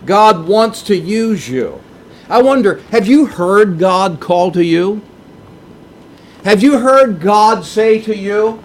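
A man preaching a sermon in a slow, emphatic way, with big swings in pitch for emphasis. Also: expressive, a little hiss or hum.

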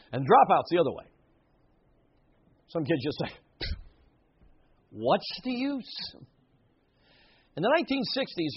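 A man's voice: on the high side, breathy edge, highs cut off. A man preaching a sermon in an earnest, emphatic way, with asides and short laughs.

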